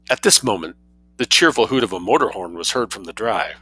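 A man reading a short story aloud in an expressive way, dropping in casual asides. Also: on the low side, fairly quick, slightly rough, rough recording. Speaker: reader.

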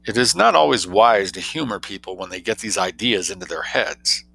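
A man reading an audiobook, voicing a droll young gentleman who tells tall tales in an arch, quick, mock-grave way. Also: on the low side, expressive, gravelly, heavily acted, rough recording.

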